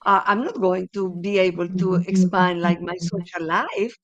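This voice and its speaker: A woman interviewing a guest, her voice heavy with vocal fry. She sounds agreeable and supportive as she builds on what her guest just said. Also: on the low side, fairly even intonation, normal speed, lo-fi sound. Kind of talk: casual interview chat.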